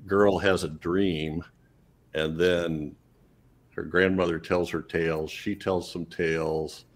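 A man's voice: deep voice, level tone, slow. A man co-hosting a casual podcast discussion, rambling and trailing off with chuckles as he leads the segment. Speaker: podcast co-host leading the segment.

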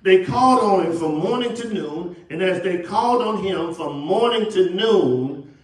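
A high-pitched, animated, slightly slow male voice belongs to a Southern pastor from Texas preaching to his congregation in a church sanctuary. He uses call-and-response, asks questions, and acts out the voices of people in his story. The echoey recording was captured from a distance.

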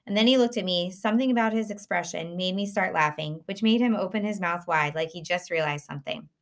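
A woman's voice: lowish voice, fairly quick. Woman narrating a storybook earnestly. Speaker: audiobook narrator. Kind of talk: first-person audiobook narration.

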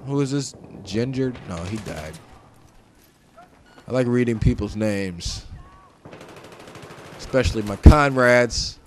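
A man giving casual gameplay commentary, joking and trash talking, swinging between shouts and mutters. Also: medium pitch, slow, pauses often, a little hiss or hum. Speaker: gaming commentator. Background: game gunfire and explosions.

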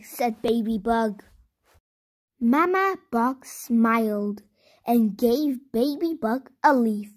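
A woman reading a children's storybook aloud, slow, clear and expressive. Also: a little high.

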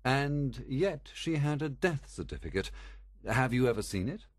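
A man voicing a calm male detective who asks measured, probing questions. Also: mid-range voice, no room sound, studio quality.

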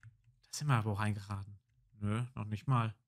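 A man's voice: lowish voice, steady tone, normal speed. A man hosting a let's play, reading game text aloud and muttering casual reactions.

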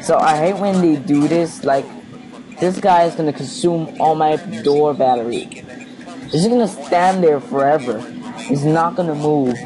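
A man's voice: on the high side, poor audio. A young man commenting casually on a horror game he is playing, anxious and pleading, rambling as he goes. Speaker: gaming video host. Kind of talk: casual let's play commentary. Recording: home recording with steady background noise.

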